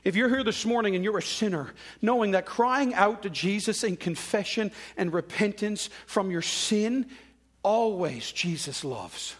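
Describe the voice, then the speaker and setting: High-voiced pastor preaching. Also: male voice, lively intonation, a little slow, fairly bright tone. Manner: conversational preaching with dramatic quoted voices. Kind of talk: sermon.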